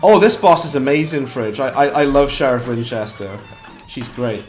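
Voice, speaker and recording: A man's voice: mid-range voice, expressive, faint music behind. Chatty British man streaming a game. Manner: chatty, self-mocking, quick bursts of frustration. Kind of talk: live gameplay commentary.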